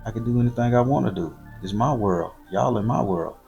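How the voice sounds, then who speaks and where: A man's voice: lowish voice, a little fast, creaky, a little mellow, highs cut off, soft background music. A man quoting a sassy young woman at a club in a near-normal voice, with a dismissive, bold manner.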